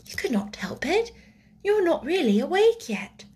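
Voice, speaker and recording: A woman voicing a kind, well-bred little girl who speaks softly and slowly in a reassuring way. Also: high voice, animated. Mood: gentle. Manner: soft, slow, reassuring. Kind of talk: audiobook character voice.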